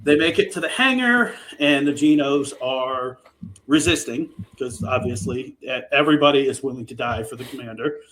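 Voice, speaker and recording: A man hosting a podcast, recapping a book in a casual chat, animated and swearing freely. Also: medium pitch, normal speed, a little hiss or hum, low-quality recording. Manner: animated, profane, full of restarts. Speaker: podcast host.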